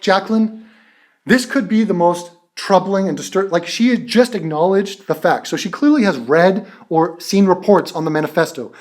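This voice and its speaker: Profane, exasperated male commentator. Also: high-pitched. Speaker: commentary channel host.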